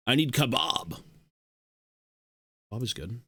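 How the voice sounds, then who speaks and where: A man's voice: mid-range voice, lively intonation, moderate pace, pauses often, a bit bright, slightly rough, no room sound. A man streaming a game, talking casually and muttering to himself. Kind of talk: casual gameplay commentary.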